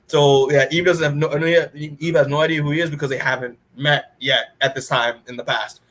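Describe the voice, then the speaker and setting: Male podcast co-host, slightly higher voice, casual rambling recap full of "like", acts out dialogue. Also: steady tone, a little fast, fairly bright tone. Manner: rambling, acts out characters' lines, many "like"s. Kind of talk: casual comic book recap.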